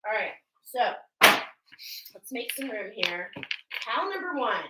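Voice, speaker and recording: A woman's voice: on the high side, big pitch swings, measured pace, very noisy. A middle-aged woman from Australia doing a casual spiritual oracle card reading, chatting with viewers as friends. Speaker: tarot and oracle card reader.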